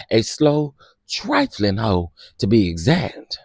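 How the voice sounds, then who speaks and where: A man hosting a casual gossip commentary, sassy and dramatic, who often bursts into loud laughter. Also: medium pitch, wildly swooping pitch, moderate pace, gravelly, slightly rough, no echo, clean studio sound.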